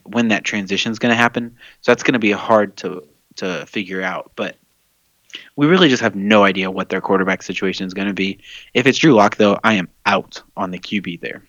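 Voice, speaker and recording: A man with a fairly low voice talks loosely on a podcast, hesitating with fillers and laughing easily. The sound is dry and a little dull. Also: fairly bright tone, dry recording. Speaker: podcast co-host. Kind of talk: casual fantasy football chat.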